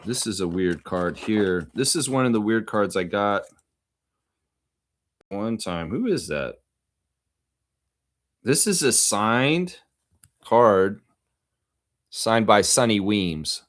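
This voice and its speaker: Male streamer, low voice with lively swings, excited casual rambling to viewers. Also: slow pace, long pauses. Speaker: live stream host. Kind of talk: casual live-stream chat showing off his card collection.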